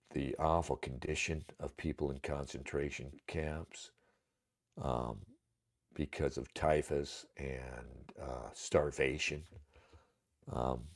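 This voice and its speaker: A man's voice: very deep voice, creaky. A man hosting a livestream, talking in a rambling, casual way, with many fillers and much cursing. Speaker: livestream host.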